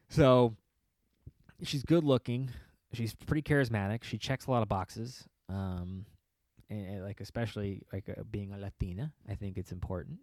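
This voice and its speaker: A man's voice: on the low side, moderate pace, darkish tone, no echo. A man hosting a podcast in casual chat, rambling and sarcastic, laughing often and mocking the people he quotes. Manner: mocking put-on quoted voices. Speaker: podcast host.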